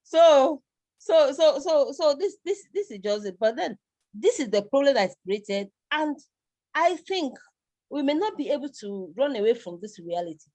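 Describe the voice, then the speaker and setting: A woman's voice: sits high, lively intonation, measured pace, darkish tone. A middle-aged woman with a Nigerian accent, giving a live online university lecture in a rambling way, repeating words and chuckling.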